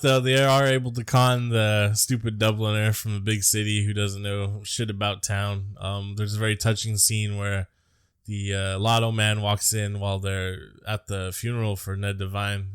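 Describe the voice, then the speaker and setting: A man's voice: on the low side, little pitch movement, moderate pace, fairly bright tone, smooth, no room sound, studio quality. An American man co-hosting a podcast, chatting casually and crudely about a movie with jokes. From United States. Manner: laid-back, crude, joking. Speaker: podcast co-host. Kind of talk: casual movie-review chat.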